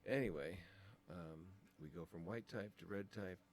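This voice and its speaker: A man's voice: low voice, a little slow, darkish tone. A man teaching design, talking through files on a screen capture in a casual, thinking-aloud way with many ums. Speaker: design instructor.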